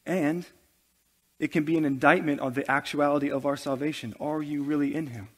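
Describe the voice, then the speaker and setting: A man's voice: on the high side, steady tone, brisk. A male pastor preaching a sermon to his church, building intensity with humorous asides.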